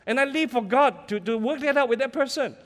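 A middle-aged man preaching a sermon as pastor, animated and peppering his talk with "all right?" and "ah". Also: very high-pitched, brisk. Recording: long hall reverb.

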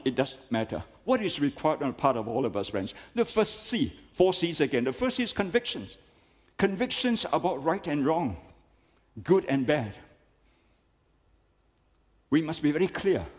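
A man's voice: fairly high pitch, a little mellow, in a large hall. A man with a Malaysian English accent preaching a sermon, emphatic and full of rhetorical questions, often calling his listeners friends.

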